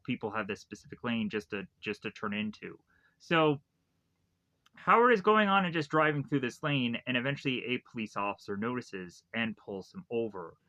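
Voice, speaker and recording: A man's voice: mid-range voice, bright, forceful tone, no echo. A man casually recapping a movie plot in a rambling way, full of fillers and restarts. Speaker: film reviewer.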